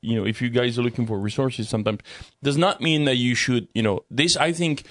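A man's voice: medium pitch, fairly quick, no echo, studio quality. A man with a French accent, co-hosting and teaching on a Bible discussion show, talking in a hesitant, affirming way with many restarts. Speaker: co-host and teacher. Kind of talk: live-streamed Bible discussion.

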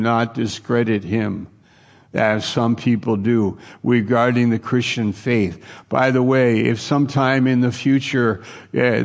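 A middle-aged male pastor delivers a sermon at an unhurried, deliberate pace. His voice carries a gravelly, creaky texture. He speaks earnestly and swells into emphatic exhortation. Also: mid-range voice.

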